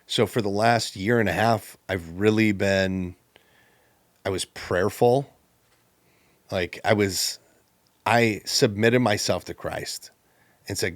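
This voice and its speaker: Animated storytelling man, dry close sound. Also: fairly low pitch, slow, pauses often, no echo. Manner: animated, acts out the people he quotes. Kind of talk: personal storytelling in conversation.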